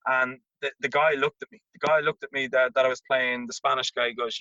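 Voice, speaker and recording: A man, a tennis coach telling an animated anecdote as an interview guest and acting out the voices in it. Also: medium pitch, brisk, few pauses, no echo. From Ireland. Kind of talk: casual storytelling. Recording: dull lo-fi remote audio.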